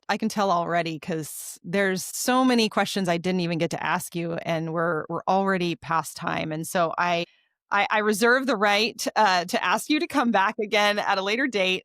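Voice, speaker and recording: A woman's voice: mid-range voice, fairly bright tone, dry recording, studio quality. A woman hosting a podcast, speaking enthusiastically and reflectively to her guest. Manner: enthusiastic, reflective, with small restarts. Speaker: podcast host. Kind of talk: warm interview wrap-up.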